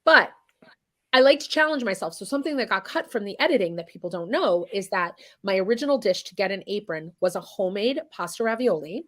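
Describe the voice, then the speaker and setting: A fast-talking woman with a medium, animated voice speaks candidly as an interview guest. The chef and singer is blunt and emphatic, with plenty of swearing as she speaks her mind.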